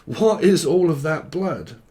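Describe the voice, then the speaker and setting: A man's voice: on the high side, lively intonation, slow, a little mellow. A man from England giving a casual tarot reading. He rambles and swears as he follows one loose thought into the next. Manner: rambling, swearing, free-associating. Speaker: tarot reader.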